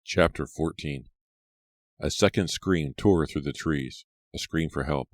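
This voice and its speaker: A man narrating an audiobook in a steady storytelling voice. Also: rumbling low, a little slow, dry recording, clean studio sound. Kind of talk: scripted narration.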